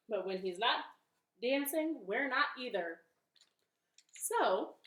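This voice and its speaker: A female children's librarian reading a storytime from her living room, with a gentle, encouraging manner. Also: high-pitched, reverberant.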